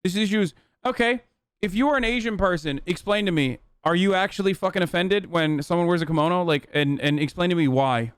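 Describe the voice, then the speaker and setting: Male streamer, profane and rambling, crisp and fairly high voice, dry close mic. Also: a little fast, dry recording. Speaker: streamer reacting to a video. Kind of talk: casual reaction commentary.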